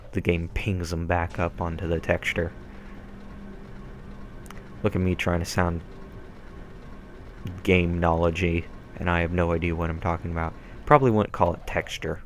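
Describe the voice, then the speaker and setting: A young man rambling through casual, self-deprecating let's-play commentary. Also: low voice. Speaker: gameplay commentator. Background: faint game music.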